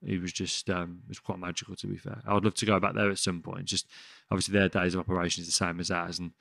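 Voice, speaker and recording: Speaking in a low, flat voice with vocal fry and a slight brightness, this West Midlands chef talks quickly on a podcast. His casual studio story wanders, with frequent swearing and false starts, and the recording has no echo.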